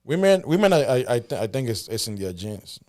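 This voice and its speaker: A man co-hosts a casual talk in a hesitant way, filling gaps and restarting his sentences. His voice is at an everyday middle pitch, and he mostly chimes in with agreement. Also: sing-song, brisk, a little mellow. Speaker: co-host. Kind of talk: casual chat.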